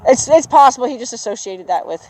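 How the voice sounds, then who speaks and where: An encouraging horse trainer coaches a student in an outdoor arena and keeps praising the horse. The voice sits at a middle pitch, with a little steady noise underneath. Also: quick pace, poor audio. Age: adult with children. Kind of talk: coaching a riding lesson.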